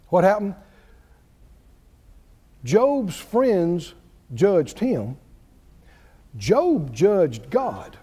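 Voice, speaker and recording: High-voiced animated male preacher in a hall. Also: slow pace, long pauses, husky. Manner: animated storytelling, acting out voices with big pitch swings. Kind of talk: sermon. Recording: reverberant hall.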